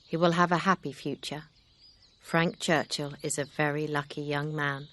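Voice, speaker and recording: A woman reading the part of a kind, sincere older gentleman in an audiobook. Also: deep voice, fairly even intonation, moderate pace. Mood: earnest.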